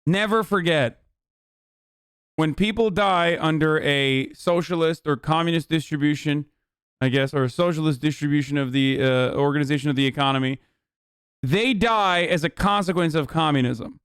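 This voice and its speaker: Sarcastic man streaming, smooth voice. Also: fairly high pitch, normal speed, a bit bright, no echo, clean studio sound. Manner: sarcastic, profane, mocking. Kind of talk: casual livestream commentary.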